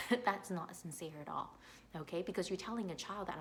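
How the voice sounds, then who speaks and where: A woman's voice: fairly low pitch, brisk, a bit bright, slight background noise. A woman who teaches young children, giving earnest advice in an informal talk, with many fillers and frequent checks that she is understood. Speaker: early childhood educator.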